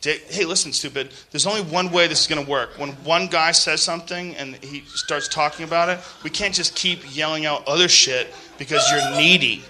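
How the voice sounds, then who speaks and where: A man doing a stand-up comedy set, profane and ranting, swinging from shouting bits to low muttered asides. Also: brisk, hardly any pauses, noisy background.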